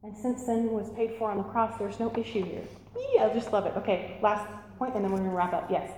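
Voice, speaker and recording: A woman teaching an interactive sermon, animated and laughing, asking the audience questions. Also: medium pitch, a little fast. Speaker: church teacher. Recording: echoey hall, faint room noise.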